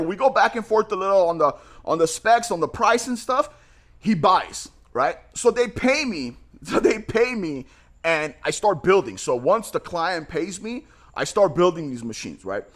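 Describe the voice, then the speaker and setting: A man's voice: high voice, a bit bright. A man who owns a small business tells a story casually, repeating himself and using slang like "bro" and "man".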